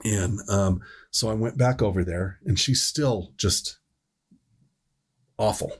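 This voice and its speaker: A middle-aged man with a low, husky voice chats casually on a podcast. He rambles through an old work story, restarting his sentences as he goes. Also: takes it slowly. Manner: rambling, self-correcting storyteller. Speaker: podcast host, EMS worker.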